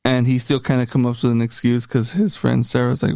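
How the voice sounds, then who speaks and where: A man's voice: medium pitch, brisk, dry recording, studio quality. A man co-hosting a podcast, talking casually and loosely about a movie, with many fillers. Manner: relaxed, many fillers and agreements. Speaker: podcast co-host. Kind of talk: casual movie review chat.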